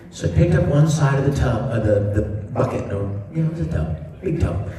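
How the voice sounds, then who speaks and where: Animated man telling stories in echoey hall. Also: mid-range voice, moderate pace. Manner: animated, laughing storyteller. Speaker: voice actor at a convention panel. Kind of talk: convention Q&A storytelling. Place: large convention hall with audience. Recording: distant fan recording in echoey hall. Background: crowd laughing.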